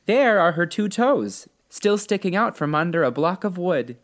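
A man voicing a small, kind old woman who is a good witch, speaking calmly and reassuringly in a storybook reading. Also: high-pitched, normal speed, pitched above the performer's own voice. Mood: kindly. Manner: calm, gently reassuring.

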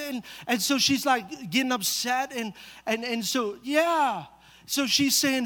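A male pastor preaching a sermon, telling a family story with lively rhetorical questions to the congregation. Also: very high voice, normal speed. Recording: long hall reverb.

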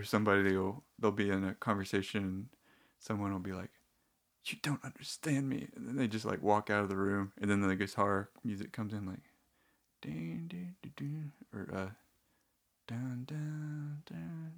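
A man's voice: lowish voice, a bit bright. A young man chatting casually about shows he watches, rambling with restarts and dry, wry asides. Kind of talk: casual TV show recommendations.

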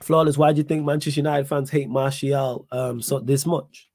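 A young man chats at an easy, unhurried pace as a podcast host fielding viewer questions. His voice sits at an ordinary middle pitch. The sound is dry and close, with no room echo. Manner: calm, laid-back, conversational. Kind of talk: casual chat.

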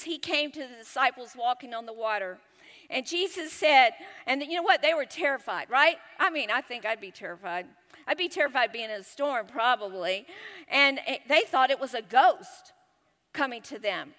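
A woman's voice: high-pitched, sharp tone, big-room sound. A woman preaching a passionate sermon, repeating lines for emphasis.

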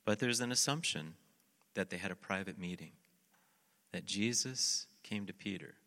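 A male pastor preaching a sermon, telling the story in an animated way and acting out the quotes. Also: low-pitched, normal speed, vocal fry, long reverb tail.

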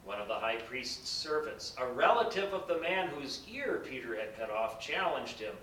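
A man reading scripture aloud in a measured, solemn way. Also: very animated. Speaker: scripture reader. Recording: bright roomy echo, distant mic, faint rumble.

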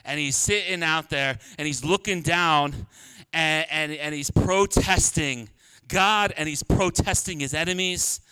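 A pastor preaching a sermon in a humorous, conversational way, laughing often. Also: male voice, fairly high pitch, measured pace, bright, forceful tone, clean tone. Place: church.

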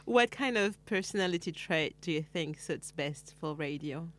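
An interviewer asks short, curious questions in a relaxed chat. The pitch moves a lot and the tone stays friendly and inquisitive. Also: normal speed.

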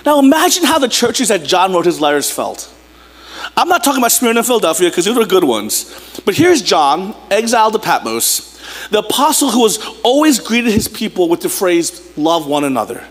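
High-voiced pastor preaching in a reverberant hall. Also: male voice, brisk. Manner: animated storytelling, acting out voices, direct appeals to the congregation. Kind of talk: sermon. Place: church sanctuary.

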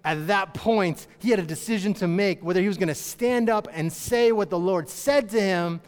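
High-voiced man preaching in a reverberant hall. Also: normal speed, smooth. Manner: chatty, animated retelling with acted-out voices and many fillers. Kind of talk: casual storytelling sermon.

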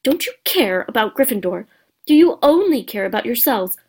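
Lady putting on a bossy know-it-all schoolgirl, shrill and a bit higher, lecturing. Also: sing-song, fairly quick, darkish tone. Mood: indignant lecturing.

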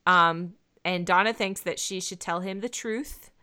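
Woman co-host, casual recapper, giggly, lowish pitch, bright tense tone. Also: unhurried, clean tone. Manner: giggly, narrates scene by scene. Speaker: podcast co-host. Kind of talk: casual chat recapping a TV episode.

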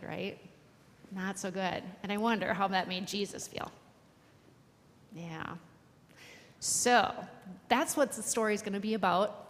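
A woman pastor giving a children's sermon in a church sanctuary, animated and playful with the kids. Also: mid-range voice. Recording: long church hall reverb, faint hum.

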